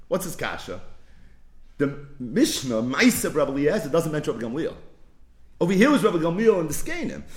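A man's voice: a little high, reverberant. A man giving a daily Talmud lesson, asking questions aloud and mixing Hebrew and Yiddish terms into English. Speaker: Talmud teacher.

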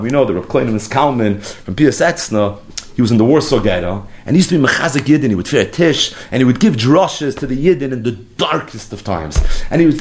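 A man teaching a Talmud lesson as a story, acting out the quoted speech and mixing Hebrew and Yiddish terms into his English. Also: mid-range voice. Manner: lively storyteller who acts out quoted speech. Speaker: Torah teacher.

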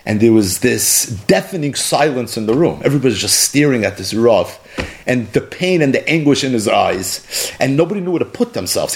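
A man's voice: medium pitch, lively intonation, moderate pace, creaky. A man telling a story as a sermon, impassioned and building to emphatic peaks, mixing Hebrew and Yiddish terms into his English. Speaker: preacher.

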